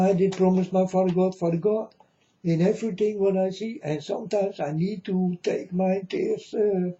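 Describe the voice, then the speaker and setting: A man's voice: fairly high pitch, mellow, lo-fi sound. Earnest man warning his folks. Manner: repetitive, earnest, addresses listeners as folks. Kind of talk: rambling spoken warning to viewers.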